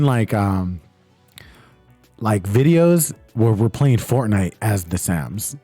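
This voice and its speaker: A young man casually hosts a livestream at home, reading out chat messages, chatting loosely and often swearing, all in a laid-back way. His fairly low, dark-toned voice moves slowly with lively intonation. Soft background music plays and there's no room sound.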